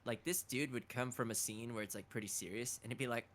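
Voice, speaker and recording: A man's voice: medium pitch, quick pace, fairly bright tone. A man chatting on a game livestream, a talkative storyteller who acts out the quotes in his stories. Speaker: guide and fellow voice actor. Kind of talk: casual livestream chat.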